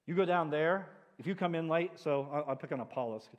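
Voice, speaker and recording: Male pastor, from New England, lively storytelling sermon, slightly high voice, long church reverb. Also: a little fast, highs cut off. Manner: storytelling with animated asides. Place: church sanctuary.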